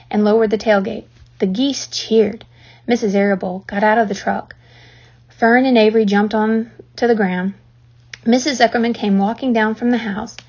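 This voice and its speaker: A woman reading a children's book aloud, telling the story in a lively, expressive way. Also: on the high side, slightly rough. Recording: dull lo-fi recording.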